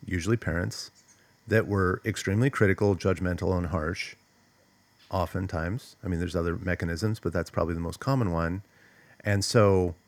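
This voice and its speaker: Emphatic deep-voiced man, dry close sound. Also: dry recording. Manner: emphatic, conversational, frequent "like" and "right?". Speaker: host, trauma coach. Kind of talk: solo talk to camera.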